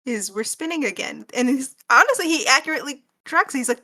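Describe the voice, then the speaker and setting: A woman co-hosting a cartoon recap podcast, chatting casually and acting out characters' lines with animated energy. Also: sits high. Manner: animated, acts out characters' lines in quick bursts. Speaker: podcast co-host. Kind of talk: casual chat.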